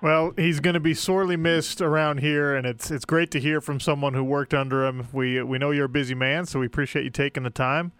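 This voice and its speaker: A man's voice: fairly high pitch, fairly even intonation, a little fast, hardly any pauses, a bit bright, smooth, no room sound. A man hosting a radio interview, speaking politely to a guest. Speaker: radio host.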